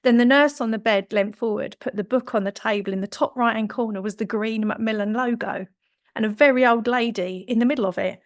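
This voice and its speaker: A woman in her fifties, a podcast guest telling a personal story in a lively way and acting out the dialogue she quotes. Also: on the high side, brisk. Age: 50s.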